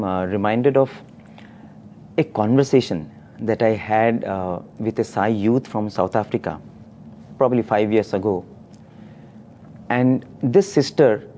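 Host, mellow voice, animated storyteller, laughs often. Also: male voice, mid-range voice, a little hiss or hum. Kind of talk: spiritual discussion and storytelling.

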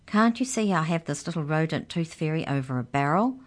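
Pushy scheming kid girl, bit higher than the reader lady doing it. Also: lively intonation, a little fast. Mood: bossy. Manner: pushy, scornful. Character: bossy bold young girl, scheming.

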